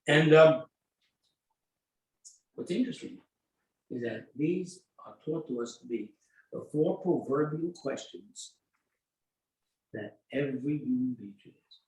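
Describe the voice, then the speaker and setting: An older man, a rabbi teaching an informal Torah class, telling stories and acting out dialogue in an animated way. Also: medium pitch, measured pace, long pauses. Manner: animated storytelling, acts out dialogue. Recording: echoey room, mic at a distance.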